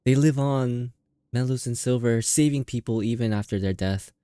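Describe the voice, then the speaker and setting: A man's voice: medium pitch, normal speed, dark tone, clean tone, dry recording, studio quality. A man live-streaming a video game, chatting casually and playfully, laughing often and reacting to the story and his chat.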